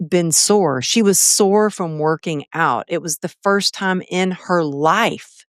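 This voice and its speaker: Smooth-voiced chatty woman host. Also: on the low side, slow pace, dry recording, studio quality. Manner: chatty, shares personal anecdotes. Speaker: podcast host. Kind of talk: conversational interview.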